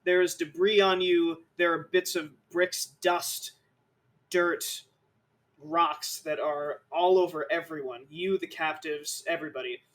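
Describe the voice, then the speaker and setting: A man narrating a tabletop game as game master, slow and dramatic in his descriptions. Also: a little high, steady tone, fairly bright tone.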